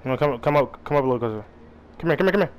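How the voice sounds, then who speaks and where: A young man calling out plays to his teammates while gaming, excitable and profane, barking quick instructions. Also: mid-range voice, poor audio. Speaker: gamer playing online. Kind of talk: live gameplay commentary.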